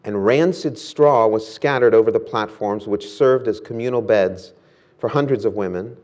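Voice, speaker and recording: A man preaching a sermon who prays quietly and reverently, then tells a story in a lively way. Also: fairly low pitch, moderate pace. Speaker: pastor.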